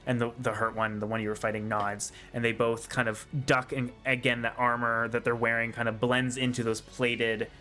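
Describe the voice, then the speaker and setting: A man's voice: medium pitch, little pitch movement, normal speed, hardly any pauses, bright, forceful tone, soft background music. A man narrating as game master of a tabletop game, rambling with many ums and frequent laughs.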